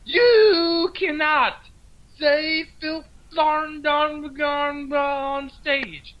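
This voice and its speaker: A middle-aged man putting on a shrill, scandalized male comedian voice, drawn out in squawking bursts. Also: steady tone, drawn-out words, lo-fi sound, exaggerated voice.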